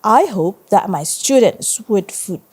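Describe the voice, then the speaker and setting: A woman teacher reading a story aloud to her pupils and pausing to ask them questions. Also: mid-range voice, lively intonation, a little mellow, slightly rough. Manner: slow, stops to ask students questions.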